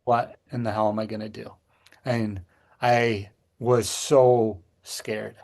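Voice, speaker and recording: A middle-aged man, a podcast co-host, telling a personal story in casual chat, earnest and halting with frequent restarts. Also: fairly low pitch, flat delivery, creaky, a little mellow.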